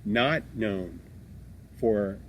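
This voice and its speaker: Speaking very slowly in a lowish voice, this podcast host from Philadelphia rambles through a casual chat, swearing freely and restarting his sentences. He comes across blunt and abrasive, with slight background noise behind him.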